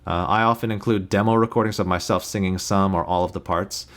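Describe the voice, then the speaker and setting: A man teaching how to use music recording software in a plain, practical screen-recorded tutorial, recorded on a USB interface mic. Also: sits low, steady tone, brisk. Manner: plain, practical explaining with sung beep demos.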